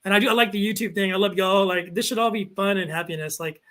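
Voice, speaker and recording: Rambling, animated young man on a call. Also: high voice, fast talker. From El Paso, Texas. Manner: rambling, animated storytelling with many fillers. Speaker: guest, local TV sports reporter. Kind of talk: casual podcast chat.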